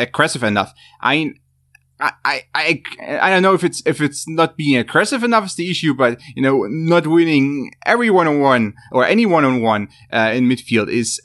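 A man of ordinary pitch talking through a match as a guest analyst. He hesitates constantly, circling back and restarting his sentences, in a casual discussion tone. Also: a bit bright. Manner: halting, many restarts and fillers.

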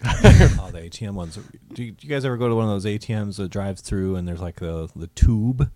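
Man, podcast co-host, very low voice, dark timbre, joking, rambling. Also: lively intonation, a little fast. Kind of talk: casual comedy chat.

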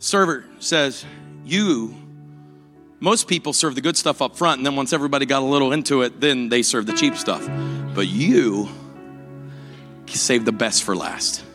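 A man's voice: mid-range voice, normal speed, pauses often, in a large hall, over music. A man preaching a sermon, telling a joking story that builds into fervent preaching. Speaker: pastor.

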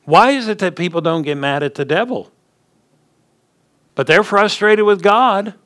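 A man's voice: high-pitched, lively intonation, unhurried, a bit bright. Folksy man preaching a sermon. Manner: folksy storytelling preacher, rising emphatic punches. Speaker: pastor.

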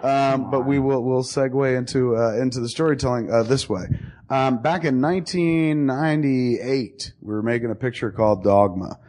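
This podcast host is a man in his forties with a medium-pitched, slightly mellow voice and a moderate pace. His casual storytelling runs long and profane, and he laughs throughout.

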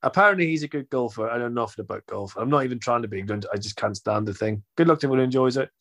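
A man's voice: medium pitch, very fast, a bit bright. Jokey rambling man hosting a podcast. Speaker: podcast host. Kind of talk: casual chat.

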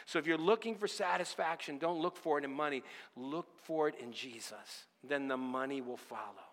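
A man's voice: on the high side, normal speed, fairly bright tone, long reverb tail. A man preaching a sermon, telling a story with voiced quotes and exhorting his church to give. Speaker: pastor. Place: church sanctuary.

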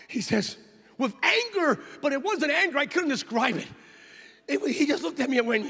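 A man preaching a sermon, telling a story with acted-out dialogue and building into shouted passages. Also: very high-pitched, animated, moderate pace. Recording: long hall reverb with faint music.

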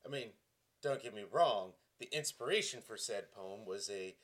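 A man's voice: fairly low pitch, expressive, moderate pace, a bit bright. Self-mocking man in his forties. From Tennessee, US. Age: 40s. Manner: self-deprecating, mock-dramatic delivery. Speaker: comedic vlogger. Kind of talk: self-mocking dramatic reading.

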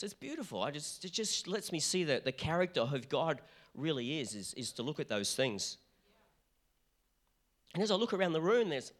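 An Australian man, a middle-aged pastor, preaching a passionate, animated sermon with frequent restarts. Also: high voice.

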